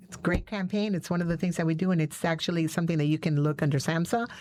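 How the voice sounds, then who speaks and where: A woman's voice: on the low side, steady tone, fast, darkish tone. A woman guest from a community group speaking earnestly and with emphasis about her work. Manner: earnest, emphatic, acts out dialogues. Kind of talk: interview talk.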